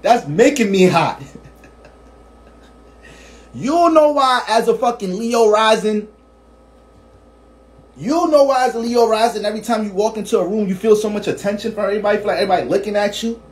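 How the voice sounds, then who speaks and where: A young man casually teaching astrology in slangy, profane, animated talk, laughing often. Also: high voice, fairly quick, long pauses. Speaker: astrology reader.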